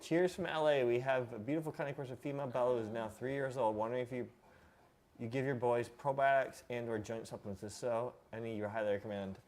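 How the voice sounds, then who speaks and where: A man's voice: mid-range voice, quick pace. Laid-back man reading viewer questions. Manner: relaxed, rambling, reads viewer questions aloud. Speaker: host. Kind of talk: casual live-stream chat.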